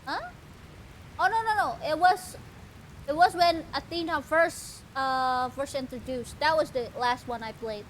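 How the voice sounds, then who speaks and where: A woman's voice: high-pitched, unhurried, a little hiss or hum. A woman streamer chatting casually and giggly while playing a game.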